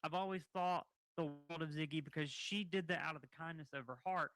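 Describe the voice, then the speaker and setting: A man's voice: on the high side, a little fast, fairly bright tone, dry recording. A man co-hosting a livestream, chatty and rambling as he talks to the chat. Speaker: livestream co-host.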